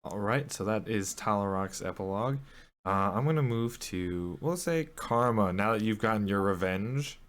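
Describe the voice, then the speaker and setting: A man narrating as game master of a tabletop game, relaxed and halting, with many fillers. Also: on the low side.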